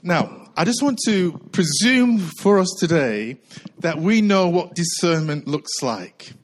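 A middle-aged man delivers a sermon from the pulpit with a rather high voice. He is slightly out of breath and keeps circling back to the same lines, stretching them slowly for weight. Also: animated, rough recording. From United Kingdom. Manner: earnest preaching with repetition and slow emphatic phrases. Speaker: pastor.

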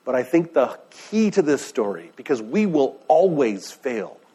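A pastor preaches conversationally, posing questions to the listeners and retelling scripture in plain, everyday words. His mid-range voice is very animated yet unhurried, mellow and husky.

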